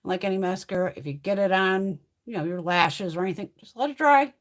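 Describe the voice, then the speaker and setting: A woman's voice: mid-range voice, a little fast. A middle-aged woman hosting a beauty livestream, chatting casually and bluntly, swearing freely and answering viewers by name.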